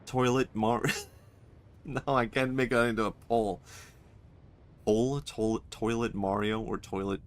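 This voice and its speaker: A man's voice: on the low side, steady tone, unhurried, long pauses. A young man streaming a video game, rambling and joking, often swearing and laughing at his own bits. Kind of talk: casual gameplay commentary.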